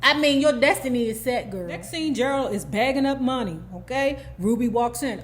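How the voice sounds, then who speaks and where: A woman host giving a casual TV episode recap, animated and sassy, with lots of "okay?" asides, who acts out the characters' lines. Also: a little high, normal speed, few pauses.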